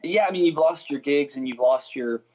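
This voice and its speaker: A man's voice: medium pitch, normal speed, darkish tone, highs cut off. A young adult man talking as a musician guest in a casual interview, chatty and self-interrupting, often laughing.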